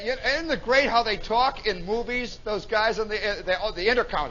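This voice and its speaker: A man telling a story live at a nightclub, animated, acting out sound effects and voices as a radio host, on a dull 1960s recording. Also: high-pitched, moderate pace, hardly any pauses.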